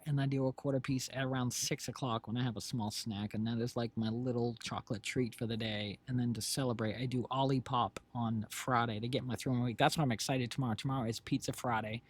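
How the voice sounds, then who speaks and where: Here a middle-aged stream co-host and creator, medium-pitched and slightly rough, chats with his audience from a home streaming setup. His talk wanders, packed with fillers and self-corrections, and is captured on a desk microphone alongside headphones.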